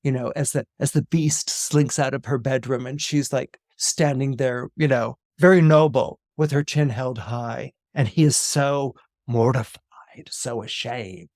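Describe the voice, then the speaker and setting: A man, an astrologer guest on a podcast, telling a story in a lively, chatty way with many fillers and restarts. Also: mid-range voice, a little slow, no echo, clean studio sound.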